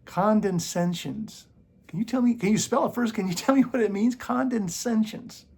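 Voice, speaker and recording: A man's voice: very high voice, very fast, a little mellow, slightly rough. A man hosting his own channel, arguing against critics in casual commentary, sarcastic and mocking, and coughing now and then. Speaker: YouTube channel host.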